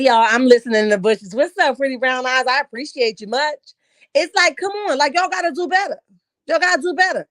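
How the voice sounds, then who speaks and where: A woman's voice: high-pitched, no room sound. A woman giving blunt, opinionated commentary on a reality show, preachy and casual.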